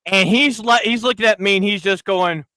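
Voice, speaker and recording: A man hosting a podcast, telling a crude story loudly and acting out the other people in it. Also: high-pitched, moderate pace, dry recording. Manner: loud, crude, animated storyteller, acting out quoted voices. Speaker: podcast host. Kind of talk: casual storytelling chat.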